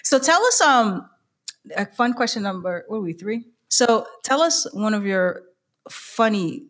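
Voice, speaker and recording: A woman from the Caribbean co-hosting a podcast, playful, laughing hard and talking in quick broken starts. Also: medium pitch, expressive, a bit bright. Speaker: co-host. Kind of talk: casual podcast chat.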